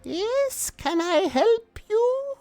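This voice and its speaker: A man's voice: sing-song, drawn-out words, a little mellow, faint music behind, exaggerated voice. A man voicing a kindly old woman with white hair. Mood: gentle. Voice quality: quavering falsetto. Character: sweet elderly woman answering the door.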